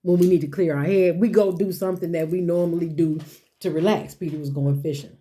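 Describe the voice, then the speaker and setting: Woman, sermon-style motivational talk, low mellow voice, repetitive rhetorical questions, folksy phrasing. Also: fairly even intonation, fairly quick. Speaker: speaker.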